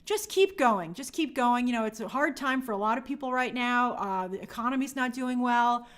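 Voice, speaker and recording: A woman's voice: on the high side, animated, normal speed, a bit bright. A woman hosting a livestream, chatting casually and reading viewer comments aloud in an upbeat way. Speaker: livestream host reading chat. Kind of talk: casual live chat.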